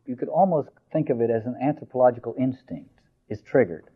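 Man, lecturer, discursive explaining, slow story reading, tinny phone-like sound. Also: medium pitch, lively intonation, slightly rough. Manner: reads passages slowly, then explains in a discursive way with fillers.

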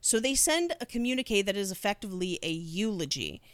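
A woman's voice: mid-range voice, sing-song, a little fast, no echo. A woman hosting a podcast who tells a true crime story in a casual, chatty way. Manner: laughs while telling the story.

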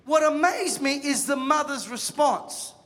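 A man preaches to a congregation, telling stories and acting out the people in them. His voice sits very high and rings bright and forceful. A long reverb from the hall trails his words. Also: unhurried. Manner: animated storytelling, acts out voices, jokes with the crowd. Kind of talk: sermon.

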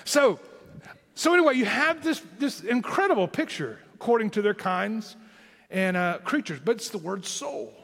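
A high-voiced pastor with a Southern Tennessee accent, preaching in an animated, swooping way. His sermon rings with a long hall reverb. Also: moderate pace, creaky. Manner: animated preaching with emphatic rising lines.

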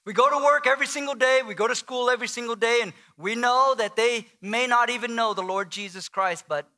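A male pastor preaching a dramatic sermon, acting out voices, stammering and restarting, and dropping to quiet emphasis on key lines. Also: very high-pitched, a little fast, few pauses.

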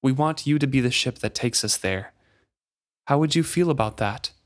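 A man reading the lines of a gentle, nervous young woman who speaks soothingly and hesitantly. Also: mid-range voice, moderate pace, natural voice.

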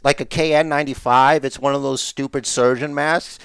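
A man's voice: medium pitch, normal speed, smooth, no echo. A man co-hosting a casual wrestling podcast, joking and teasing his co-host. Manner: jokey, teasing, animated.

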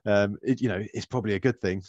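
A man's voice: lowish voice, steady tone, quick pace, darkish tone, highs cut off. A man co-hosting a podcast in casual chat, laid-back and swearing, laughing often. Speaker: podcast co-host.

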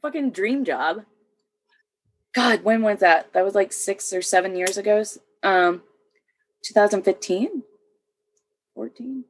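A woman in her thirties tells her own story as a guest on a relaxed chat show. She is a military veteran. She speaks freely and often laughs between sentences, at an everyday pitch. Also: measured pace, pauses often, breathy edge. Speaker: podcast guest.

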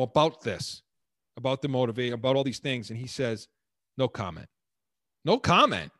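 A man co-hosting a sports talk show, his voice bouncing lively up and down as he argues his point with plenty of stops and restarts. He sits on the high side for a man. The sound is dry and close. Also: no room sound. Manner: animated, emphatic, many restarts. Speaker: sports radio co-host.

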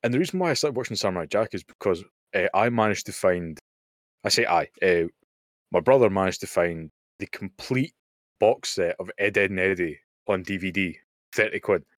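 Deep-voiced, sweary podcast co-host man. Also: moderate pace, no room sound. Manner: blunt, sweary, dry humour. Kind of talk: casual chat. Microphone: remote call mic.

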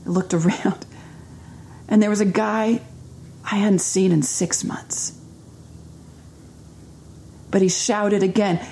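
Slow, earnest woman telling a faith story. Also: medium pitch, steady tone. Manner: earnest, emotional storytelling with hushed pauses. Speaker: speaker sharing a faith testimony. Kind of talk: personal testimony sermon.

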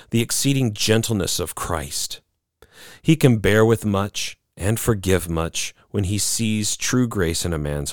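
Earnest low-voiced male preacher, dry sound. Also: no echo. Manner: earnest, lively delivery with dramatic quoted voices. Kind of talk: sermon.

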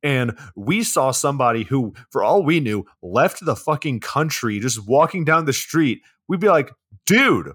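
Casual movie-review guy, animated and profane, voice bounces all over. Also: mid-range voice, normal speed, few pauses. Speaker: podcast co-host.

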